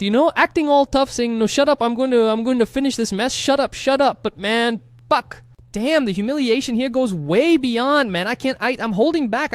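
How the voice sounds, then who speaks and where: A man casually recapping a comic story, excitable and slangy, teasing the viewers with asides. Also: sits high, dry recording. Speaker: manhwa recap narrator.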